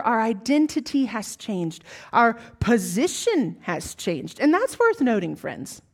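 A Southern-accented woman delivers a sermon at a slow, deliberate pace. Her voice sits a little high. She builds to emphatic lines, then drops to hushed, almost whispered asides. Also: big pitch swings. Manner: emphatic, swings between rising exclamations and hushed asides. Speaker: preacher.

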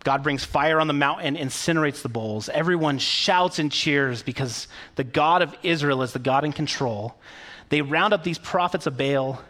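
A man's voice: fairly high pitch, moderate pace, a bit bright. A man preaching a sermon in a conversational, storytelling way, with occasional fillers. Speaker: pastor.

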